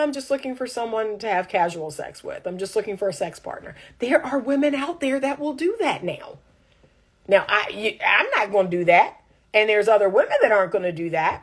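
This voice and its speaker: A woman relationship coach chatting casually and reading viewer comments. She is emphatic and repeats lines for punch. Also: a little high.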